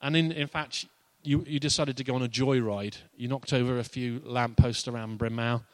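A man delivers a sermon in a relaxed, conversational way, full of asides and humor. His voice sits in a middle register. The recording is close and dry, with little room sound. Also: mid-range voice, moderate pace, no echo. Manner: conversational and playful, with laughs and asides. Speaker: pastor.

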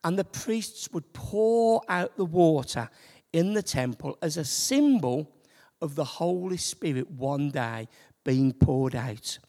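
Brief: unhurried gravelly-voiced preacher, sermon in a church, long hall reverb. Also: mid-range voice, expressive. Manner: slow, building to loud emphatic preaching.

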